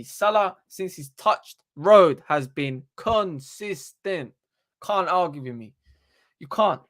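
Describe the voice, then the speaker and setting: A young man, hosting a casual live stream into a desktop microphone and talking in an animated, slangy, sweary way. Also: high-pitched. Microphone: desktop USB microphone.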